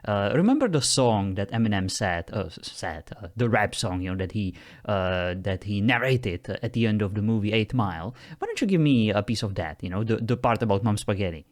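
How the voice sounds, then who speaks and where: A man's voice: fairly low pitch, lively intonation, fairly quick, hardly any pauses. A man hosting a test of a phone voice assistant, teasing it, getting exasperated and laughing often. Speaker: host testing a phone voice assistant. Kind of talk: casual talk with an AI.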